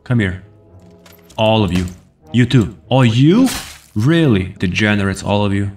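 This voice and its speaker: A man giving casual commentary over his own gameplay, excitable and swearing at enemies. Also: fairly low pitch, moderate pace, soft background music. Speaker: gaming video host.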